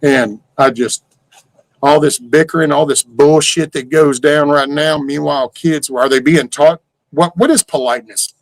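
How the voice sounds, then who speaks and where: An older man with a drawl holds forth on his livestream, his voice sitting a touch high. He rambles through exasperated, cussing rhetorical questions. The sound is close and dry. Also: fairly even intonation, normal speed, no room sound, low-quality recording. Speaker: livestream host. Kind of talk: casual ranting chat.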